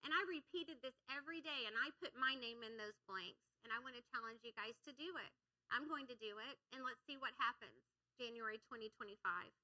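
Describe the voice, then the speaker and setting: A middle-aged woman pastor preaching a sermon in a church, energetic and leading the congregation in call-and-response. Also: on the high side, brisk, rough recording. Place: church sanctuary.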